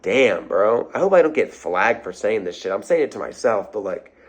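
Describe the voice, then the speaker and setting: A man's voice: fairly low pitch, sing-song, moderate pace, husky. A man giving an off-the-cuff motivational rant to his followers, blunt and profane, hammering phrases over and over. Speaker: social media creator.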